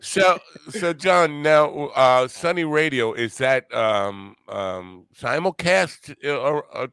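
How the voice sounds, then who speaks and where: A man's voice: a little high, expressive, takes it slowly, fairly bright tone, clear, resonant tone, no room sound. A man hosting a casual talk, asking hesitant questions full of fillers. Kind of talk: casual chat.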